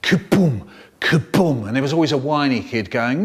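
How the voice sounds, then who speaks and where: Animated, theatrical male storyteller. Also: mid-range voice, moderate pace, breathy edge. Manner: animated, theatrical, punchy sound effects. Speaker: storyteller and children's poet. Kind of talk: performed storytelling.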